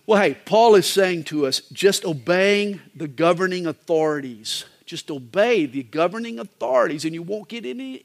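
A male pastor delivering a sermon in a folksy, joking manner, with wide swings in pitch. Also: lively intonation, normal speed, creaky, hardly any pauses.

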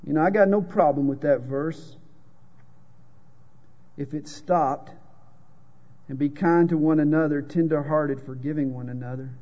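Southern-drawling preacher, reverberant hall. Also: male voice, a little high, unhurried, pauses often. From American South. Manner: folksy preaching with jokes and scripture readings. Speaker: pastor. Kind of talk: sermon. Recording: dull lo-fi sound with long hall reverb.

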